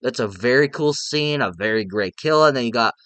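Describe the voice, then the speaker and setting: An eager young man talks through a horror film review in a loose, rambling way, tripping over restarts as he goes. His voice is bright and crisp, and the sound is close and dry. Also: medium pitch, lively intonation, brisk, no echo. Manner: rambling and enthusiastic, many fillers and restarts. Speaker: movie reviewer. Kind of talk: casual spoken film review.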